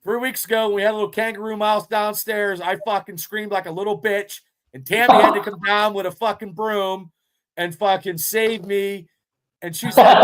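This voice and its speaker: A man's voice: high-pitched, normal speed. A man in his fifties, a podcast co-host, telling rambling, profanity-filled stories in casual chat. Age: 50s. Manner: profane, rambling, animated storytelling.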